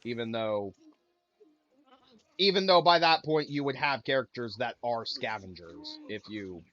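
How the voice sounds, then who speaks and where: A man's voice: medium pitch, animated, a little slow, a bit bright, dry recording, lo-fi sound. A man casually chatting while streaming a video game, rambling and losing his train of thought. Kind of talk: casual gameplay chat.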